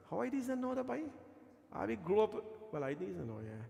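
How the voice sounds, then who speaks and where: A man's voice: high voice, sing-song, normal speed, vocal fry, dark tone. A man, a temple pandit giving a sermon and chanting Sanskrit verses with growing fervor. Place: temple hall. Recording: echoey temple hall with music.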